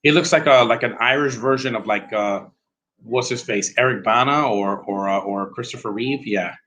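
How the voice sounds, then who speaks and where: A man's voice: mid-range voice, moderate pace, a bit bright, poor audio. A man giving a rambling, blunt, opinionated live commentary while watching a movie at home.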